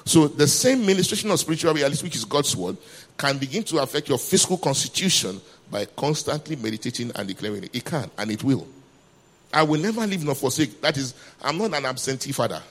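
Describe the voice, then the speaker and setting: A man's voice: medium pitch, sing-song, quick pace. A man preaching a sermon, emphatic and calling for responses from the congregation.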